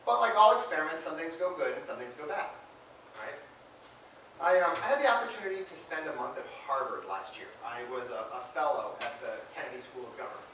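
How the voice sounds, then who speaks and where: A man in his thirties delivers a conference keynote with a joking, self-deprecating ease. His voice sits a little high and rings out with a bright, forceful edge. It is picked up from a distance in a large hall that echoes heavily, with a faint hiss underneath. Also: expressive, brisk. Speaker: keynote speaker.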